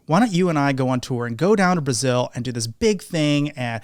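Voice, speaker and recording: A man's voice: mid-range voice, a little fast, no echo, studio quality. A man hosting a podcast, telling a casual anecdote and acting out the quotes. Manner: animated anecdote with acted-out quotes. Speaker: podcast host. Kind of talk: casual storytelling.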